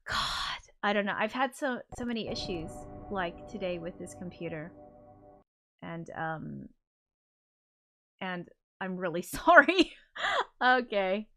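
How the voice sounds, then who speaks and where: A woman's voice: fairly low pitch, expressive, takes it slowly, pauses often, fairly bright tone, soft background music. A woman hosting a casual livestream, flustered and apologetic as she talks, swearing under her breath. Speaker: livestream host.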